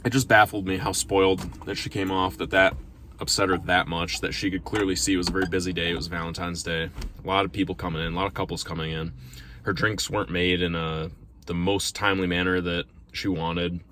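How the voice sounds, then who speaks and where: A man with a very low voice tells a casual vlog story into his phone while sitting in his car. He rambles and restarts sentences, filling gaps with "um" and "like", and sounds a little self-conscious. A faint hum of vehicle noise runs underneath. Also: flat delivery, fairly quick, bright, forceful tone. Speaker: restaurant server. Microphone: phone held in front of him.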